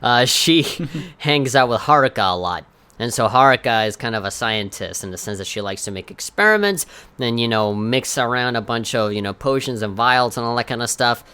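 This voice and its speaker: A man co-hosting a casual gaming podcast, with a bright, crisp, clear voice. He tells stories animatedly, laughs often, and swears casually. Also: medium pitch, lively intonation, normal speed. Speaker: podcast co-host.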